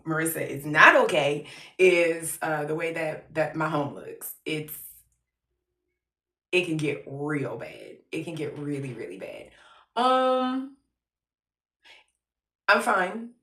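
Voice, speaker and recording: A woman's voice: deep voice, animated, slow pace, pauses often, a bit bright, distant mic. A woman vlogging candidly at home, talking in a blunt, profane, self-mocking way that keeps joking through grief. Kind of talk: candid personal vlog. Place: her home, moving between rooms. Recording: roomy echo, off from the mic.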